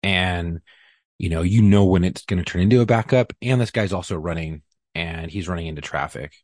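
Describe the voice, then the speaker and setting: A man with a low, husky voice tells a story in a loose, profane way, acting out each line people said. The sound is dry and close to the mic. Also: fairly quick, dry recording. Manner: profane, animated retelling with acted-out quotes. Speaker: podcast guest. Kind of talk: casual storytelling.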